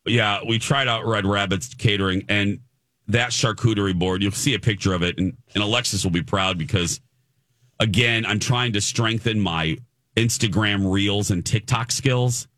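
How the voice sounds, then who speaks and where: Low-voiced male radio host, dry studio. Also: moderate pace, fairly bright tone, no room sound. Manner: playful, drops into silly low voices. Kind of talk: casual morning radio chat.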